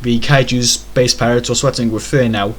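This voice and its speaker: A man's voice: medium pitch, steady tone, moderate pace. Exasperated man reading fan fiction aloud. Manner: stumbling, exasperated, breaks into incredulous asides.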